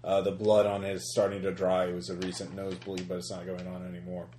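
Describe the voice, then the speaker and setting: Low-voiced man running a horror game. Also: completely flat delivery, fast talker, dark tone, reverberant, a little hiss or hum. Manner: hesitant, many fillers and restarts. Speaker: game master. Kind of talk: narrating a tabletop horror game.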